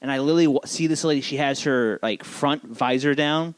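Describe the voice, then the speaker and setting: A man's voice: medium pitch, brisk, smooth, dry recording. A man in casual podcast chat, joking, laughing often and restarting his words.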